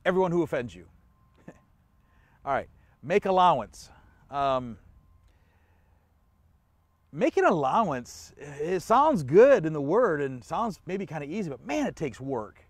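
A man's voice: fairly high pitch, sing-song, a little slow, long pauses, no room sound. A man pastor giving an online church sermon in a conversational way, asking the listener questions and chuckling often.

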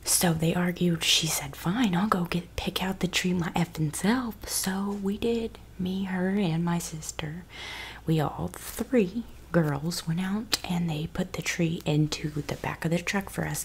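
A woman's voice: on the low side, creaky, a little hiss or hum. A woman chatting in whispers for ASMR, close to the mic, rambling casually and cussing now and then. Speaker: ASMR creator. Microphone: close ASMR microphone.

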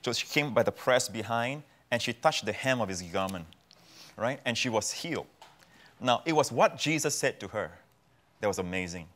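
A man's voice: mid-range voice, expressive, moderate pace, fairly bright tone. A man from Singapore, preaching as a guest pastor on a TV talk show and repeating key phrases for emphasis.

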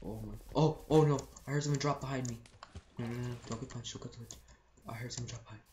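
Excitable teen gamer in an echoey room. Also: medium pitch, fast talker, noisy background. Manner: excitable, panicky yelps, repeats phrases. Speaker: gameplay commentator. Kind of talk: excited let's-play commentary. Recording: echoey room with keyboard clicks.

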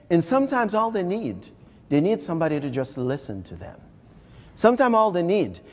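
A man's voice: medium pitch, darkish tone. Man, motivational keynote, emphatic delivery, talks straight to the audience, long conference-hall reverb. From Haiti. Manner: emphatic, repeats phrases, addresses the crowd directly. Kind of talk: live keynote speech to an audience.

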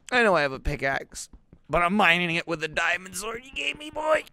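A young man doing comedic gameplay commentary, acting out melodramatic mock grief. He swings between shouts and mutters and swears freely. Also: high voice, animated, fairly quick, slight background noise. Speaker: let's play gamer.

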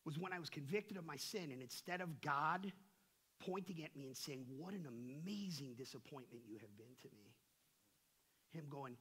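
In a church sanctuary, a middle-aged male pastor delivers a sermon in a bright, forceful, slightly husky voice pitched somewhat high for a man. He talks like someone off the street, full of slang, and moves at a moderate pace. Animated and impassioned, he swings from near-whispers to shouting.

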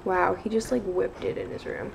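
A woman's voice: mid-range voice, steady tone, normal speed, vocal fry, heavy background noise. A young woman chatting casually at home for her family vlog, rambling with lots of fillers and sometimes dropping to a whisper. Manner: rambling, many fillers, drops to a whisper at times. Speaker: family vlogger.

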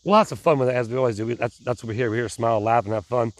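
A man's voice: medium pitch, very fast. A middle-aged man vlogging casually to his viewers, rambling and restarting, pumped up on adrenaline. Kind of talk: casual vlog talk to viewers.

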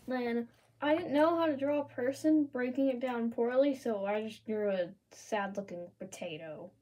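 Playful woman doodle-vlogger, higher pitch, soft husky tone, casual chatty delivery. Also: moderate pace. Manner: playful, chatty, reads prompts in lively voices. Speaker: art channel creator. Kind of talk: casual drawing commentary.

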